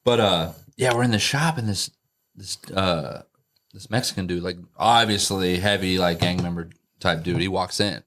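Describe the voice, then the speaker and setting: A middle-aged man with a somewhat low voice tells rowdy tattoo-shop stories on a podcast. His delivery is loose and rambling, full of cursing and laughter. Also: moderate pace, a bit bright. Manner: rambling, profane, laughs while telling stories. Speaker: podcast co-host, tattoo artist. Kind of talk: casual storytelling chat.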